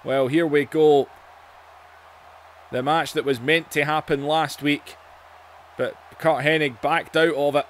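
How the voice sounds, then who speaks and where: A man doing excitable play-by-play commentary over a wrestling video game, his voice going hoarse, shouting out the moves and often saying "man". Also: fairly high pitch, a little slow, pauses often, a little hiss or hum.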